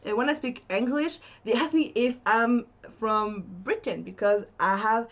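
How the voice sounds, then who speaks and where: A woman's voice: fairly high pitch, a little slow, few pauses, fairly bright tone, lo-fi sound. A woman from Quebec with a French accent, a native French speaker, chatting on a live stream and articulating each word carefully. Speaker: co-host. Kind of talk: casual live-stream chat.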